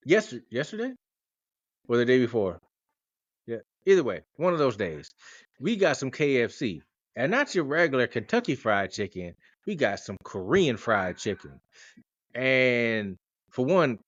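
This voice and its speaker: A man's voice: medium pitch, a bit bright, no room sound. A man in his forties hosting a podcast, telling rambling stories in a joking, casual way. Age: 40s. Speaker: podcast host. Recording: dry, dull lo-fi sound.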